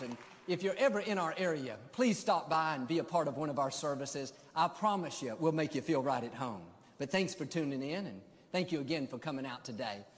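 A pastor delivering a sermon to a congregation in an emphatic preaching cadence. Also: male voice, on the high side, fairly quick, hardly any pauses, in a large hall.

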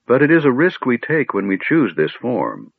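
A man voicing a gentle, sorrowful young elf woman who speaks softly. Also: mid-range voice, wildly swooping pitch, moderate pace, gravelly, slightly rough, no room sound, phone-quality sound, voice pushed up, heavily acted. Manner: soft, sad.

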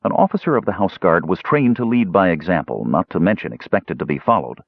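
Husky male audiobook narrator, lively expressive reading, dry close sound. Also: low voice, fairly quick, dry recording, highs cut off.

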